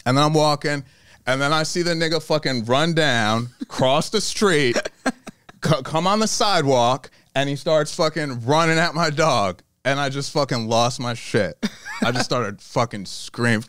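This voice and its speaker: A man, a stand-up comedian guest, telling a story in casual chat, profane and animated, laughing often. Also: mid-range voice, a little slow, clean tone, dry recording, studio quality. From New York.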